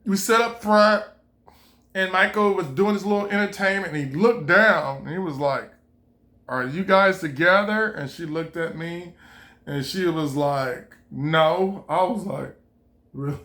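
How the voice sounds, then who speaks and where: A man's voice: high voice, unhurried. A man telling a personal story in casual style, acting out his own lines and others' with swearing and laughter. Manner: animated, re-enacts dialogue, swears freely, laughs while telling.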